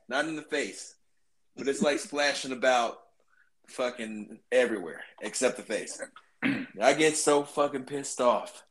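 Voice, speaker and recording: A man and army veteran telling stories in casual talk, swearing constantly in an animated, profane way. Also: mid-range voice, slight background noise, low-quality recording. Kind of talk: casual storytelling.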